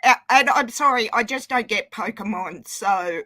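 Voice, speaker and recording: A woman calls in to a livestream and chats casually. Her voice is slightly high, she hesitates often with fillers, and the sound is dry. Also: moderate pace, pushed and bright, no echo. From Australia. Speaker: caller on a livestream. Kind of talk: casual chat.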